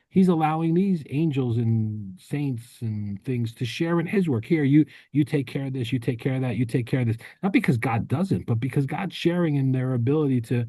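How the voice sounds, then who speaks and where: A man co-hosting a podcast, telling a rambling story in casual chat with many restarts and quick laughs. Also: medium pitch, dark tone, slightly rough, no room sound. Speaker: podcast co-host.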